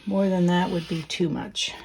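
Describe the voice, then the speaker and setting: A woman teaching quilting in a relaxed, chatty way, thinking aloud as she sews. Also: on the low side, moderate pace, gravelly, a little hiss or hum. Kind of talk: casual sewing tutorial.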